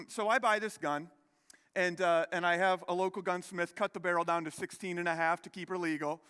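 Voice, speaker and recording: High-voiced man preaching in a reverberant hall. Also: pushed and bright, smooth. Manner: conversational, self-deprecating storytelling with many restarts. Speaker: pastor. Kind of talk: sermon. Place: church sanctuary.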